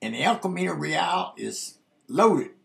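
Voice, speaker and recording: A man's voice: fairly high pitch, lively intonation, unhurried. An older man telling a rambling, folksy story from his past, dropping "man" into nearly every sentence. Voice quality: gravelly. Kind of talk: casual spoken memoir.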